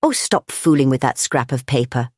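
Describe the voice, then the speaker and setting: A reader doing a gruff impatient doctor. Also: medium pitch, very animated, normal speed, darkish tone, no echo, studio quality. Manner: growling, emphatic. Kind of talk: audiobook dialogue.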